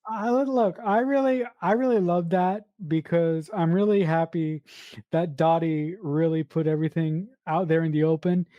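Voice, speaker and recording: A woman's voice: lowish voice, fairly even intonation, moderate pace, dry recording, muffled recording. A woman co-hosting a podcast, talking through a film earnestly and thoughtfully. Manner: earnest and reflective, with restarts. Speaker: podcast co-host. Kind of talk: casual film discussion.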